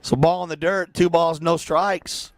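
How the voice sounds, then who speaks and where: A man doing play-by-play for a local baseball game, chatty and joking between pitches. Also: steady tone, a little slow, no room sound. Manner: joking, chatty, breaks into silly asides. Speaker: play-by-play announcer.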